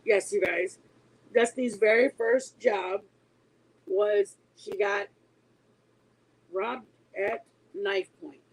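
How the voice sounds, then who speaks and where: A woman in her forties, a mother, telling a story to her online viewers in a casual, animated way. She is emphatic and laughs often as she talks. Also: mid-range voice, slow, long pauses, slightly rough, rough recording. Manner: animated and emphatic, insisting she is not lying.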